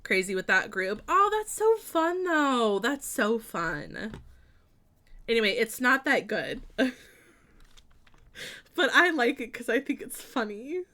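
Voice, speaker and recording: A woman's voice: a little high, big pitch swings, slow, pauses often, bright, forceful tone. A young woman streaming a building game, chatting casually with lots of fillers and giggles.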